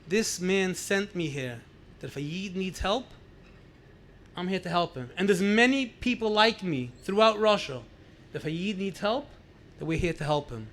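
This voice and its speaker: A man voicing a secretive Soviet doctor who asks pressing questions in a quiet, firm way. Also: high voice, animated, normal speed. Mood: earnest.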